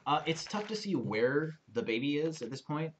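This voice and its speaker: A man's voice: on the high side, expressive, normal speed, a little hiss or hum. A young man running a tabletop game as dungeon master, narrating the scene loosely with many fillers.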